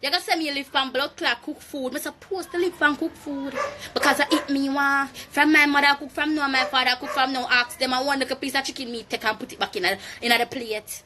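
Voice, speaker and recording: A young woman with a Jamaican accent, ranting loudly and profanely on a phone livestream, taunting a rival. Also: high voice, steady tone, a little fast, a little hiss or hum. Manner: loud, profane, taunting rant. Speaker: Instagram live streamer. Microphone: phone mic.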